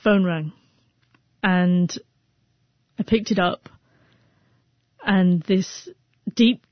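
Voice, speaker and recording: A woman's voice: medium pitch, dry recording, dull audio. Woman who stutters telling her story. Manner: stutters, with repeated sounds and restarts. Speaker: interview guest. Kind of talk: personal storytelling interview.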